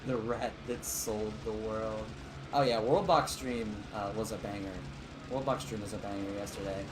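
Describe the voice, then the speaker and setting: A man's voice: fairly low pitch, normal speed, background noise. Rambling, joking streamer man. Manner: rambling, joking asides, chats with viewers. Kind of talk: casual live gameplay commentary.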